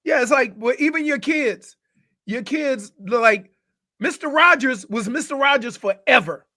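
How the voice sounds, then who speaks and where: A man co-hosting a radio show in casual chat, animated and rambling, often trailing off and restarting. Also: extremely high pitch, a little slow. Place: radio studio.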